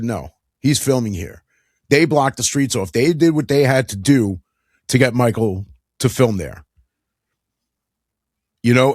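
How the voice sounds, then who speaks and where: A chatty man talks through a casual solo show with plenty of enthusiasm, chuckling now and then. His voice sits at an ordinary middle pitch. The sound is dry and close, with no room around it. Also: a little mellow, dry recording. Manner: enthusiastic, chatty, laughs often. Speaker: podcast host. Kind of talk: casual monologue.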